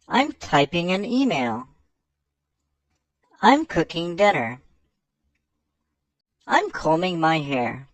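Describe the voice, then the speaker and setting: Lesson narrator: slow, tuneful delivery, measured reading, dry close voice-over. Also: mid-range voice, a bit bright, no room sound. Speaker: English teacher.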